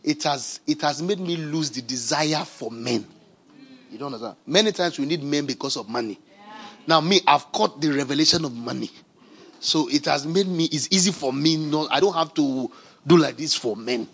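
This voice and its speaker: A man preaching a sermon as pastor, swinging from shouted declarations to quiet, chatty asides. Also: on the high side, normal speed, slightly rough.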